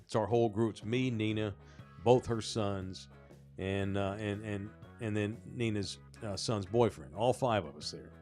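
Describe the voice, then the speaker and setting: Profane, animated male storyteller. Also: fairly low pitch, measured pace, faint music behind. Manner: animated, profane, rising when excited. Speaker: podcast co-host. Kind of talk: casual storytelling.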